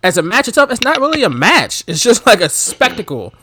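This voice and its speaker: A man co-hosting a casual wrestling chat, animated, laughing often and shouting out imitations of commentators. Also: extremely high pitch, fairly quick. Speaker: podcast co-host.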